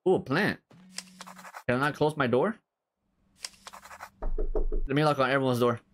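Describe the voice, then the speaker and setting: Profane man yelling through a horror game. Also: mid-range voice, a little slow, a little hiss or hum. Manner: profane, loud outbursts, talks to game characters. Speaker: gaming streamer. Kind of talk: let's-play commentary.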